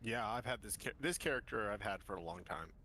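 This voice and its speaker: A man's voice: on the low side, expressive, a little fast, pushed and bright, a little hiss or hum. A man chatting casually with a friend while gaming, laid-back and dry. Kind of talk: casual gameplay chat.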